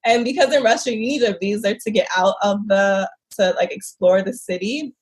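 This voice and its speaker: A woman guest in a casual interview, telling travel stories in an animated, expressive way and laughing often. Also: mid-range voice, moderate pace.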